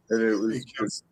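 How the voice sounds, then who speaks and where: A man in casual chat telling long animated stories, acting out the voices of the people in them and laughing often. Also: fairly low pitch. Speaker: podcast guest telling stories.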